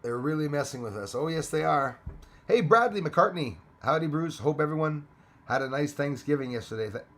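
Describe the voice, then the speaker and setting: A man's voice: a little high, expressive, a little fast, a bit bright. A man from Canada hosting a casual livestream, chatty, thanking viewers by name and laughing often. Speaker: livestream host.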